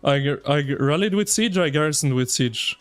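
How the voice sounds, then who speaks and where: A man streaming live, chatting with his viewers in an excitable, slangy, ranting way. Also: a little high, brisk, soft background music. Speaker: game streamer. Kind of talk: casual live-stream commentary.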